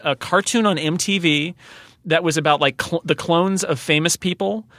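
A man's voice: a little high, moderate pace, a bit bright, dry recording, clean studio sound. A man co-hosting a podcast in casual chat, wry and self-deprecating. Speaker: podcast host.

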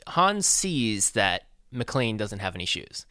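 With a lowish, sing-song, sharp-toned voice, a podcast co-host chats casually through a movie recap. He hesitates constantly, filling gaps with ums and uhs. There's no echo and the studio sound is clean.

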